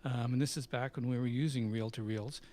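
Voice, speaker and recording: A man's voice: mid-range voice, fairly quick. A middle-aged man, a company CEO and musician, telling stories in a live Q&A and acting out the voices of people he quotes. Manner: animated anecdote-telling, acts out quoted voices, laughs often. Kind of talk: casual storytelling in a live Q&A.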